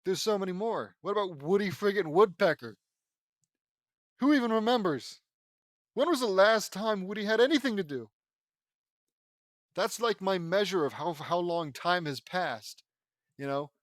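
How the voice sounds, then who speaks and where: A man's voice: high voice, animated, normal speed, pauses often, dry recording. Male amateur audiobook reader, casual and rambling, dry close recording. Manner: rambling, self-mocking commentary with laughs. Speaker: fan fiction audiobook reader. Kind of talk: reading fan fiction aloud with asides.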